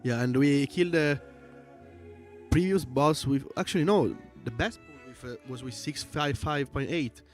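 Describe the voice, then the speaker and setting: A man's voice: medium pitch, normal speed, soft background music. A man with a strong Italian accent, giving casual livestream commentary and explaining things at length with lots of fillers. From Italy. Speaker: esports co-commentator.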